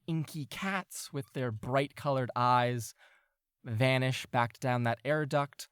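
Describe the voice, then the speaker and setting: A man runs a tabletop game, describing scenes in a meandering way and stopping to hunt for words. His voice sits at a middle pitch. The recording is dry and close, with no room sound. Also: slow pace, a bit bright, smooth, no echo. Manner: meandering, searching for words with fillers. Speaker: game master.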